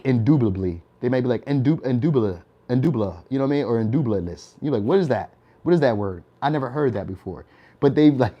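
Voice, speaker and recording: A man's voice: mid-range voice, a little mellow. A young man giving a casual, chatty tarot reading. He laughs often and keeps tagging his lines with "all right?". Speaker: tarot reader.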